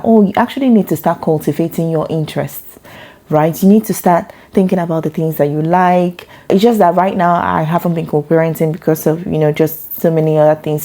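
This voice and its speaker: Expressive woman, warm low voice. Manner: expressive, animated, jumps high in pitch when excited. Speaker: mother sharing her story. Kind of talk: reflective personal talk.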